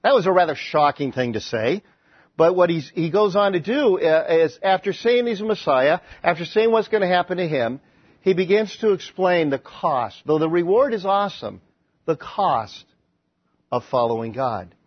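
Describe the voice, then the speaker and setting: Husky high-voiced male preacher. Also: normal speed, no room sound. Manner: conversational, animated storytelling with frequent restarts. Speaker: pastor. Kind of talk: sermon. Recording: dry, slightly dull recording.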